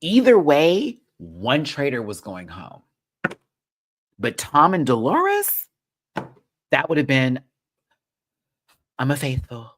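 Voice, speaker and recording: A man hosting a reality TV recap show, ranting in a sassy, animated way and swearing freely. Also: mid-range voice, slow pace, pauses often.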